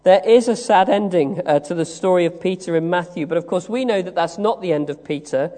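A man from the West Country of England preaching a sermon, telling the story slowly with many "uh" pauses. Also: a little high, darkish tone. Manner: measured storytelling with frequent "uh" pauses. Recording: long reverb of a large hall.

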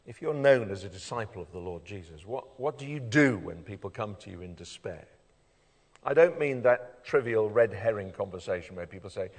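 A man preaching a sermon. He moves between loud emphasis and hushed intensity and keeps asking the listeners questions. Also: on the low side, moderate pace, slightly rough. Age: adult, father of children. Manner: animated, swings from loud emphasis to quiet intensity, asks rhetorical questions. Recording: reverberant hall.

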